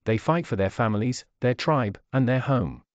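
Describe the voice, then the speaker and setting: A man voicing a stern orc war chief who speaks low and measured. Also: lively intonation, no echo, muffled recording, lightly acted.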